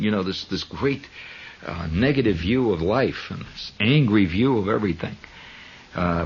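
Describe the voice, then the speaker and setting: A man's voice: mid-range voice, slightly rough. A man hosting a 1970s radio show, telling a long story in a rambling monologue full of asides and restarts. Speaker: radio host. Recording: dull 1970s radio broadcast.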